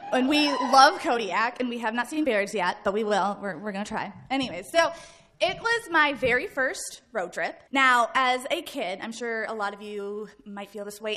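A woman in her thirties tells a personal story to a live audience. Her voice sits high and sounds bright. She tells it with energy, acts out shouts and laughs along the way. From Midwest United States. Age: 30s. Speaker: guest speaker.

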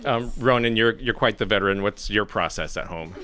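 A man's voice: on the low side, fairly quick, sharp tone. Man hosting, restarting his questions. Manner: stumbling, restarts questions often. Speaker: host of a youth theater interview. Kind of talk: casual group interview.

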